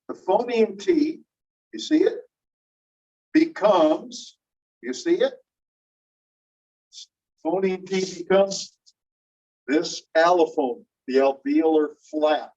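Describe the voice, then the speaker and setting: A man teaching a linguistics class, explaining slowly and repeating key phrases while checking that students follow. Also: high-pitched, expressive, a little mellow, slightly rough. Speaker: linguistics instructor. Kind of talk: classroom lecture. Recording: muffled distant classroom recording.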